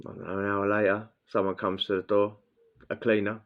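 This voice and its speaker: A man's voice: fairly low pitch, little pitch movement, fairly quick. A man telling a blunt, crude prison story in casual slang, acting out what people said. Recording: dull lo-fi sound.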